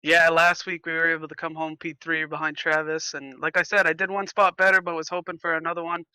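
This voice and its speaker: A man talking as a race driver in a post-race interview, explaining his strategy with steady frustration. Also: a little high, fast, smooth, no room sound, poor audio.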